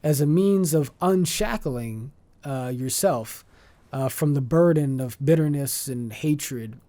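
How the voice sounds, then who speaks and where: A man with a slightly high, mellow voice appears as a podcast guest in a conversational interview. He speaks in long, flowing, measured sentences, articulate but occasionally restarting a phrase while searching for words.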